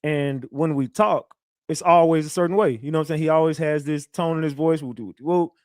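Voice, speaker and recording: A man's voice: fairly high pitch, brisk, a little mellow, no room sound, clean studio sound. A man hosting a livestream, talking in a loose, rambling way with street slang and many restarts. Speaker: livestream host. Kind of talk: casual livestream commentary.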